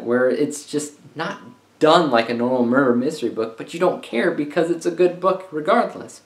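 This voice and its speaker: A man giving a casual, conversational book review on his channel, talking freely with frequent filler sounds. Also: a little high. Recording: roomy echo.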